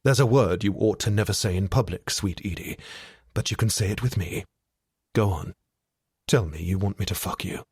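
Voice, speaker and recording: A man voicing a roguish young gentleman rake who speaks in a low, velvety, ragged murmur. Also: moderate pace, breathy edge, no echo, clean studio sound. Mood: coaxing.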